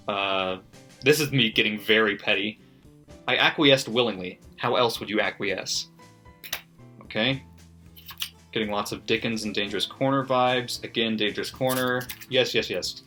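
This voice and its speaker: A book vlogger with a lowish, sharp-toned voice casually reads his notes from a book's margins. He's quick to laugh and swears freely, and faint music runs in the background.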